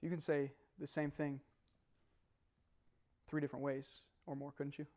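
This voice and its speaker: This young man's live motivational seminar moves at a measured pace, though his delivery stays animated and full of laughs. His voice is a touch higher than the average man's, and he keeps questioning the crowd.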